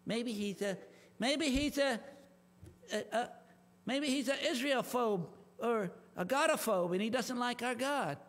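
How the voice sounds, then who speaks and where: Preacher doing a whiny offended man, soft, sulky, echoing hall. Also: very high-pitched, measured pace, voice pushed down. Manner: complaining, hurt and offended. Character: whiny thin-skinned ancient Israelite man.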